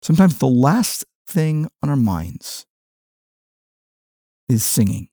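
A male pastor preaching with emphatic swings, his mid-range voice sinking soft and low, then lifting on key words. The sound is dry and close, with no room echo. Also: big pitch swings, takes it slowly, creaky, husky. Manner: emphatic preaching, swings between soft low lines and raised stressed phrases. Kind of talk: sermon.

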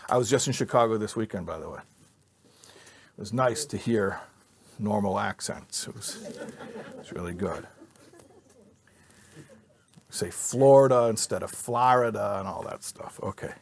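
A man's voice: fairly low pitch, unhurried, gravelly, long pauses. A man teaching an informal Bible class to a live group, joking and quizzing his listeners. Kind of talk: informal Torah class with audience.

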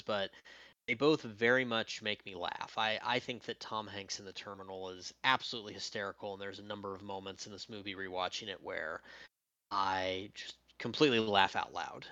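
A man co-hosting a casual movie podcast, his voice sitting on the lower side. He talks loosely and animatedly, slipping into quoted lines from scenes. The sound is dry and close. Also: sharp tone, dry recording. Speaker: podcast co-host. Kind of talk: casual film discussion.

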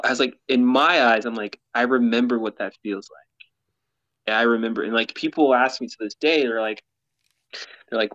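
A man's voice: medium pitch, steady tone, fast talker, fairly bright tone, no room sound, muffled recording. Earnest, rambling man guest. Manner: earnest, rambling, laughs often. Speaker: guest, mountaineer and explorer. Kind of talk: candid interview talk. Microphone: podcast mic, camera off.

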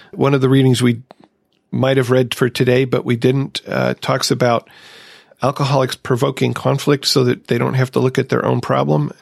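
Gravelly-voiced man hosting a podcast. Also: medium pitch, no echo, studio quality. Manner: reflective, personal sharing. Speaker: podcast host. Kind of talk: casual recovery podcast chat.

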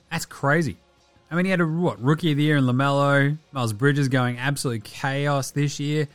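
A man's voice: medium pitch, fairly even intonation, clean tone, dry recording, soft background music. Swearing Australian man talking basketball. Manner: profane, joking, rapid asides. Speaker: basketball podcast host. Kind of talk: casual sports chat.

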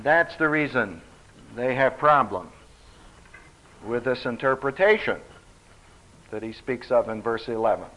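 Lively, bright-voiced man teaching Bible study. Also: mid-range voice, a little slow, long pauses. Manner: emphatic, animated, dryly humorous. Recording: dull lo-fi recording.

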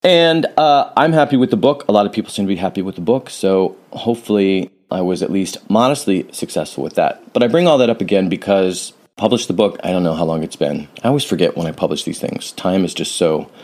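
A man with a low voice talks alone into a studio podcast microphone. He muses in a reflective, rambling way, wandering off on tangents and starting sentences over as he thinks aloud. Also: fast, hardly any pauses, darkish tone. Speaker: podcast host and author. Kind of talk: casual solo podcast monologue.

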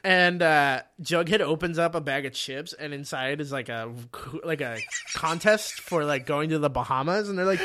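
A man's voice: fairly high pitch, moderate pace, pushed and bright, a little hiss or hum. A man in casual chat, animatedly retelling a comic plot, swearing freely and acting out the characters' lines.

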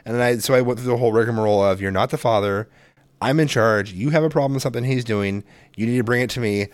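A man's voice: mid-range voice, fast talker, no room sound. Frustrated rambling middle-aged man. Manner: rambling, profane, frustrated storytelling. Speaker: parent in a couple's chat. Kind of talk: casual conversation.

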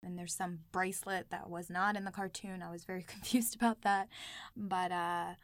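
A lower-pitched woman from South Asia leads a relaxed conversation in a dry, close sound. She thinks aloud, leans on "like" and rewinds mid-sentence. Her tone is conversational and unhurried. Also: dry recording. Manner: hesitant, fills with "like" and rewinds mid-thought. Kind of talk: casual podcast discussion.

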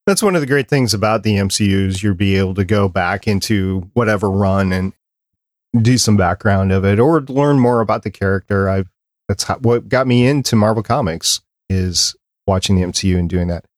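A man's voice: lowish voice, normal speed, dry recording, studio quality. A man hosting a casual fan podcast, chatting with enthusiasm and wrapping up the show. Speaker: podcast host.

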